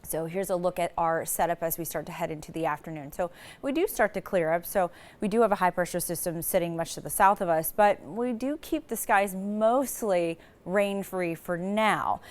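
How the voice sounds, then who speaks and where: A woman meteorologist giving a live TV weather forecast in a casual, rambling way, starting many sentences with "so" and restarting a few phrases. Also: lowish voice.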